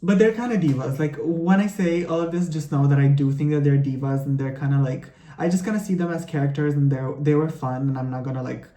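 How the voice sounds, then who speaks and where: A young man vents to the camera while he gets ready, sassy, profane and rambling, with filler "like"s everywhere. His voice sits mellow and soft-edged, and he sounds tired and a bit sick. The room around him is bare and echoey. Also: on the high side, a little fast, hardly any pauses. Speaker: vlogger. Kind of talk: get-ready-with-me rant.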